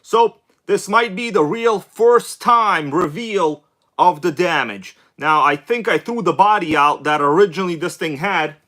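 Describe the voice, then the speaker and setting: A man with a rather high, sharp voice speaks a bit slowly while hosting a live stream. He keeps it casual and hyped up, tossing chatty asides to his viewers.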